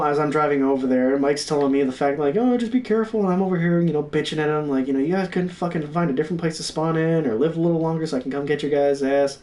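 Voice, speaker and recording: A man's voice: a little high, distant mic. Young man, casual storyteller, curses constantly, sits back from the mic. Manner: profane, animated, reenacts his own yelling. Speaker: stream co-host.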